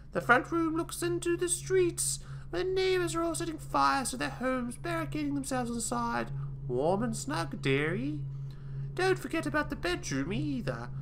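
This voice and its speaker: A man voicing a creepy old woman in a put-on British accent, reading a game journal aloud in a cooing, sing-song way, pitched far above his own voice. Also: vocal fry, background noise, full character voice. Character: creepy, doting old woman who carves bones.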